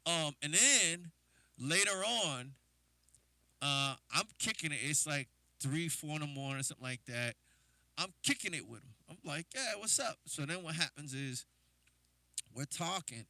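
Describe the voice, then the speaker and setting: A man's voice: a little high, normal speed, bright, forceful tone, no room sound. A man from New Jersey, a drummer hosting a livestream, telling casual, rambling stories with lots of fillers. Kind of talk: casual storytelling.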